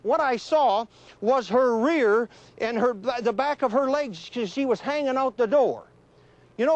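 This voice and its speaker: High-voiced folksy middle-aged man, lo-fi. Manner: folksy, conversational, draws pictures while telling stories. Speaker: retired police trooper giving a safety talk. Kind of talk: folksy storytelling lecture to students. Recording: dull lo-fi early 1980s film audio.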